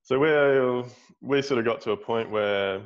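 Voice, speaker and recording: A middle-aged Australian builder who runs seminars appears as a guest in a casual interview, telling a rambling story with many restarts. His voice is mid-range and a little slow, and the recording sounds muffled.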